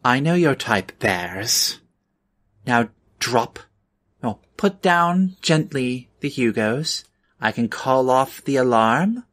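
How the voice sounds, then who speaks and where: A stern woman convention manager with a clipped, officious way of threatening, as a man puts her on. She is an in-game figure in a tabletop game, delivered slowly. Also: medium pitch, animated, fairly bright tone.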